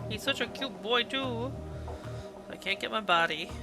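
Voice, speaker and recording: A woman's voice: a little high, lively intonation, a little slow, music in the background. A woman streaming a game live, reading its text aloud and reacting with gushing, emotional outbursts. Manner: gushing, emotional reactions between read passages.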